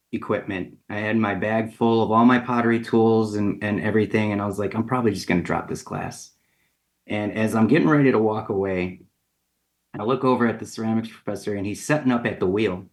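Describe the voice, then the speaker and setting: A man's voice: fairly low pitch, brisk. A man, a ceramic artist and guest on a radio interview, telling a casual story, acting out the lines of the people in it, with plenty of fillers. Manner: casual and animated, acts out quoted dialogue, many fillers.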